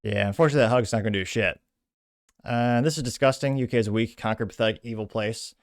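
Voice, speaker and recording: A man from Texas hosts his own political commentary show, ranting in a blunt, indignant way and leaning hard on his emphasis. His voice sits at an ordinary middle pitch. The sound is dry and close, with no room echo.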